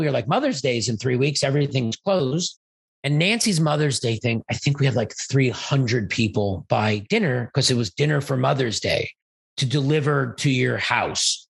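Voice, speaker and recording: A man, an event organizer and interview guest, telling a rambling, animated story and acting out quoted dialogue. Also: medium pitch, vocal fry, slightly rough. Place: Los Angeles.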